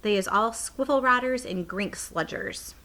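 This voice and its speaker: Woman playing a gentle old giant, stubborn, folksy, jumbled grammar, bright tone, storybook read-aloud. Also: fairly high pitch, unhurried, voice pushed up. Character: gentle, mangle-tongued old male giant.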